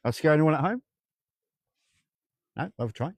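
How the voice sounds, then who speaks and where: A man's voice: fairly high pitch, lively intonation, moderate pace, no room sound. A man hosting a live ghost hunt outdoors at night, rambling, joking and greeting viewers by name, his throat sore and dry. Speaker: ghost-hunting livestream host. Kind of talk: live-stream chat to viewers. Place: outdoors at night by old railway tracks.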